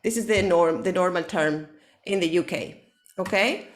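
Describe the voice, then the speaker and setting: A woman whose first language is Spanish, teaching English to a single student online. She explains slowly, checks in with a frequent "okay?" and slips into Spanish for quick clarifications. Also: on the low side. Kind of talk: online one-to-one English lesson.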